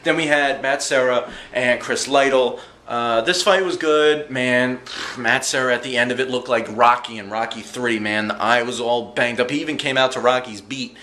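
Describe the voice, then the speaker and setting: A man giving an animated, slangy, jokey recap of fight events in a casual vlog. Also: medium pitch, normal speed, echoey room. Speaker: vlogger reviewing fight events.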